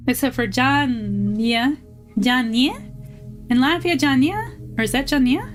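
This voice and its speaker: A woman's voice: high-pitched, expressive, unhurried. A young woman streaming, chatting casually, swearing freely and reading chat aloud. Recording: faint music behind.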